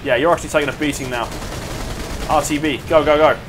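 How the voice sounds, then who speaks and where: A man's voice: on the high side, fairly even intonation, fast, background noise. A young man giving casual, crude, rambling game commentary. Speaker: gaming commentator. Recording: voice over game music.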